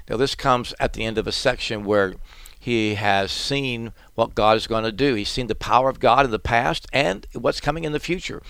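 A man preaching a short radio Bible lesson in an earnest, plain-spoken way, sometimes voicing the prophet's fear himself. His voice sits at an ordinary middle pitch. The sound is close and dry, with no room around it. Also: moderate pace, gravelly, fairly bright tone, clean tone, no room sound. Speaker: pastor.

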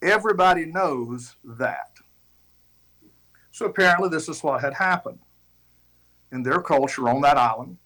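A man preaching, retelling a story in an animated, conversational way with shifting pace. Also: a little high, brisk, low-quality recording. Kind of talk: sermon illustration.

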